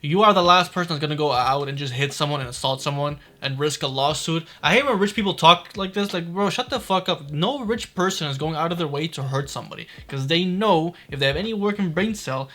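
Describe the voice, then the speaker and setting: A man doing casual reaction commentary, blunt and swearing often, talking in quick bursts. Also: fairly high pitch, lively intonation, bright, forceful tone. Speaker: commentary youtuber.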